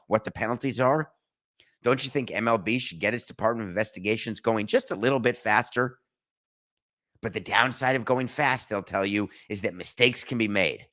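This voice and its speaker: A man's voice: fairly low pitch, pushed and bright. Indignant middle-aged male sports podcaster. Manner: indignant, rhetorical questions, mock-reads statements. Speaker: podcast host. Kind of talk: opinionated solo sports commentary.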